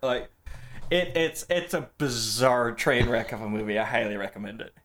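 Male co-host, mid-pitched, animated and jokey, casual film chat. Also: moderate pace. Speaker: podcast co-host.

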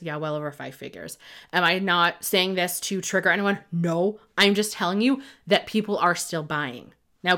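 A woman with a lowish, slightly bright voice hosts her own podcast on email marketing. In this candid solo talk she speaks emotionally about her business, rambling but earnest.

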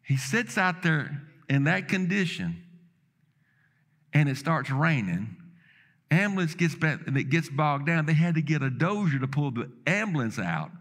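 Very animated yet unhurried, this preacher tells a story in his sermon with dramatic flair and quoted lines of dialogue, swelling to loud, forceful climaxes and then sinking back down.

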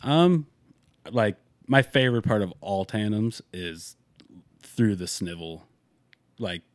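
A young man who works as a tandem skydiving instructor, chatting casually in a relaxed, halting way and laughing easily. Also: lowish voice, no echo. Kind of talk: casual podcast chat.

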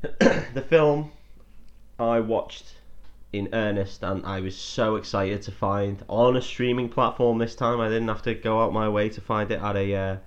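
A man's voice: on the low side, fairly even intonation, a little slow, lo-fi sound. Brief: man, podcast co-host, loose jokey banter with frequent laughs, recorded at home. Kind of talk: casual drunken film podcast chat. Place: home room, self-recorded.

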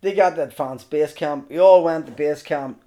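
A middle-aged man, telling a mountain story as a podcast guest, animated and swearing freely. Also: on the high side, moderate pace. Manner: animated, swears freely, acts out others' lines. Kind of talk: casual storytelling.

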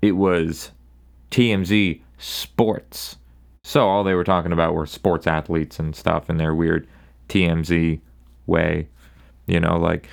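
A young man alone on his podcast recounts a bar story at length, wry and casual, tossing in quick voices for the people he describes. His voice sits low with vocal fry and little pitch movement.

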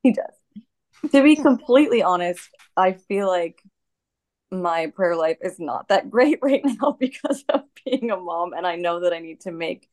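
A woman speaking as a guest over her phone in a casual talk, honest and quick to laugh lightly. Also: lowish voice, expressive, a little mellow. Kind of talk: casual conversation.

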